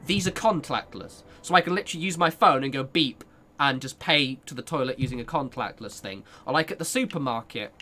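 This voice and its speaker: A man's voice: mid-range voice, lively intonation, a little fast, pushed and bright. A young man chatting casually with viewers while he plays a game, rambling, laughing and swearing as he goes. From United Kingdom. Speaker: streamer. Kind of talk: casual chat while gaming.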